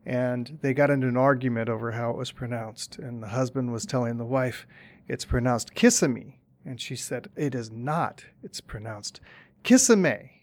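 A man hosting a podcast, chatting casually and telling a joke with many restarts. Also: mid-range voice. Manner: hesitant, many restarts, tells jokes. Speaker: podcast host.

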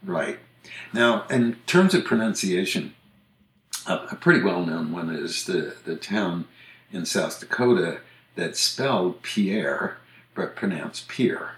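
A man from the United States hosting a podcast, casually explaining things in a measured way and spelling words out letter by letter. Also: low-pitched, sing-song, fairly bright tone, roomy sound. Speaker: podcast host on English usage.

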